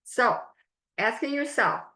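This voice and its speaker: A woman life coach leading a webinar masterclass, speaking in slow, emphatic, drawn-out phrases. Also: a little high, lively intonation, bright, forceful tone, reverberant.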